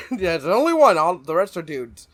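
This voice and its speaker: A man's voice: high-pitched, big pitch swings, moderate pace, crowd noise. Young male podcast co-host, loose and rambling, laughs often. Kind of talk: casual chat.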